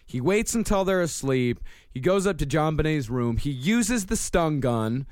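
A man's voice: on the high side, lively intonation, unhurried, a little mellow, no room sound, clean studio sound. A man hosting a casual true-crime podcast, laying out the case step by step and swearing freely. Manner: profane, explanatory storytelling. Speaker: podcast host.

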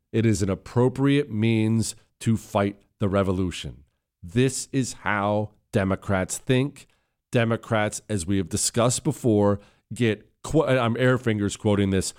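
Low-voiced indignant talk radio host. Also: male voice, a little mellow, smooth. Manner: indignant, mocking, rising into heated emphasis. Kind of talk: political talk radio monologue. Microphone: studio microphone.

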